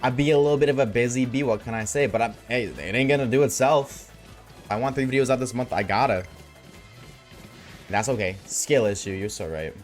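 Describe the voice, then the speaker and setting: A man's voice: medium pitch, brisk, soft background music. A man streaming a game and chatting casually with his viewers, laid-back and slangy, reading chat aloud.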